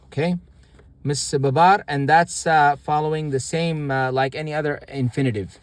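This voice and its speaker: A man teaching a casual online grammar lesson, talking haltingly with many restarts and repeating words slowly for learners. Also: on the high side, steady tone, dry recording. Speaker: language teacher.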